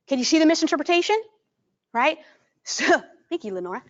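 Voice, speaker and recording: A high-pitched woman teaches a workshop audience, animated and lively in delivery. She keeps checking whether the room is following her. The recording sounds dull and lo-fi. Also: a little fast. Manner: animated, acts out greetings in a bright voice; asks the audience frequent check-in questions. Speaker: trainer. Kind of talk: live workshop presentation.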